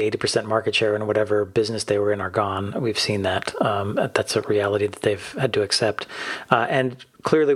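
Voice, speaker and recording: A man co-hosting a tech podcast, chatting about the news in a relaxed, joking way. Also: fairly low pitch. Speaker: podcast co-host. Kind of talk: casual news chat.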